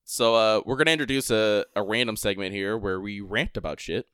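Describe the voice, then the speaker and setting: A man's voice: fairly low pitch, a bit bright, smooth, dry recording, studio quality. A man co-hosting a podcast, ranting in a casual, emphatic way with lots of fillers. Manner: emphatic, fast and filler-heavy. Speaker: podcast co-host.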